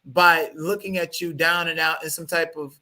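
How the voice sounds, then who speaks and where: A man with a bright, fairly high voice, talking as a guest in a heated interview. He is animated and profane and circles back over the same words as he presses his point. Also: normal speed. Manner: animated, profane, repeats words when worked up.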